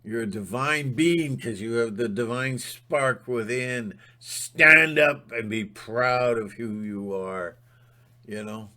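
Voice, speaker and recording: Slow, bright-voiced man on a rant. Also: mid-range voice. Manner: emphatic, fired-up, sometimes shouting. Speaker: channel host. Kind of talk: ranting monologue.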